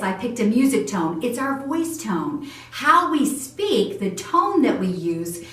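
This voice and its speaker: Encouraging lady teaching a family class, sounds far off in a big echoey room. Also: medium pitch. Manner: gentle, encouraging, demonstrates tones of voice. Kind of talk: church family lesson.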